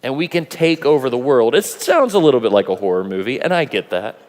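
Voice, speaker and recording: A man preaching a sermon at a youth conference, animated and playful, acting out voices as he goes. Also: mid-range voice, fairly quick. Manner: animated, acts out quoted voices, laughs often. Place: large conference hall. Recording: long hall reverb.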